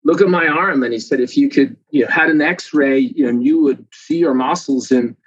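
A man, a scientist guest, explaining in a lively, conversational way with many fillers and frequent laughs. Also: medium pitch, normal speed, breathy edge, no echo, lo-fi sound. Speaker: muscle protein scientist guest. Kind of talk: conversational interview.

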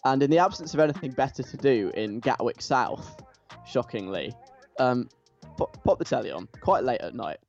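A man's voice: mid-range voice, animated, moderate pace, lo-fi sound. A man hosting a radio show, chatty and enthusiastic. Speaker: radio host. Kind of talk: casual radio chat. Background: faint music.

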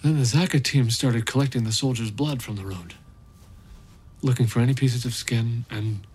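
A man's voice: mid-range voice, a little hiss or hum, close to an everyday voice. An actor playing a haunted male rescue volunteer, telling his story in an intense, emotionally raw first-person monologue. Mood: bitter. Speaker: narrator.

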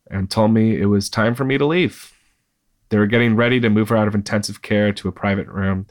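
An older man narrating a painful personal memory in a quiet, measured way. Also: fairly low pitch, no echo. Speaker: storyteller.

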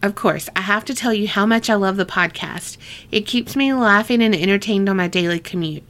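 A woman's voice: mid-range voice, a little fast, fairly bright tone. A woman co-hosting a podcast, reading listener ghost stories aloud in a casual, chatty way and laughing often. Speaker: podcast co-host.

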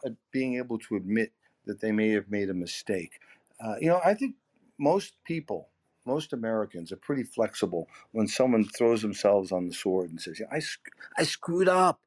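A man's voice: on the low side, lively intonation, moderate pace, darkish tone. A middle-aged man talking sales on a podcast, emphatic and full of repeated words, his voice swinging up and down as he makes his points. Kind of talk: animated conversational podcast talk.

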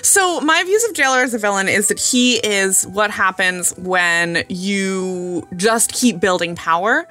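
A woman's voice: mid-range voice, expressive, unhurried, hardly any pauses, bright, forceful tone, soft background music. A woman co-hosting a casual podcast, talking in rambling, self-aware tangents. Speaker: podcast guest co-host.

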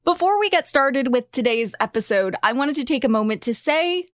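A woman's voice: high voice, lively intonation, moderate pace, dry recording. A woman hosting her podcast, speaking in an earnest, grateful way with playful asides, on a close studio mic. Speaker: podcast host. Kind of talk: scripted podcast address.

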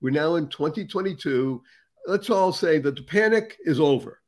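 A man's voice: on the high side, animated, normal speed, darkish tone. Emphatic, showy male motivational host. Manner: emphatic and showy, building to big introductions. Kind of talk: motivational show hosting.

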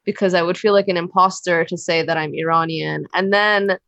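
A woman's voice: fairly low pitch, a little fast, gravelly, no room sound. Guest voice: chatty woman, dry close sound, a bit dull. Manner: chatty, animated storyteller. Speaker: podcast guest. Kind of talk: casual chat.

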